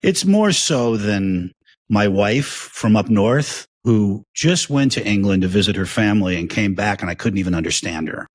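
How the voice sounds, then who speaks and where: A middle-aged American man with a fairly low voice, easygoing and chatty as a co-host. The recording is dry and close. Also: expressive, moderate pace, dry recording. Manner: easygoing, wraps up segments and promotes the channel. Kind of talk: casual chat.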